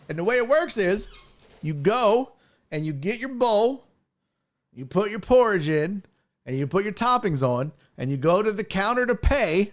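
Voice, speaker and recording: A sports talk show host runs a casual livestream, reading out viewer comments in a loose, profane way and laughing often. His voice is high and sing-song, at a moderate pace.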